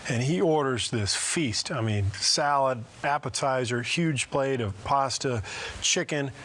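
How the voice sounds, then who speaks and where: A man's voice: mid-range voice, unhurried, a bit bright, slight background noise. A man, a former basketball player, telling a casual anecdote, chuckling and mimicking others in quotes.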